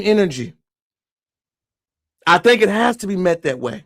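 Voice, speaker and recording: A man's voice: sits high, very animated, measured pace, long pauses, fairly bright tone. A man giving impassioned live-stream commentary, emphatic and preachy, who keeps calling his viewers y'all. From moved to Texas from elsewhere.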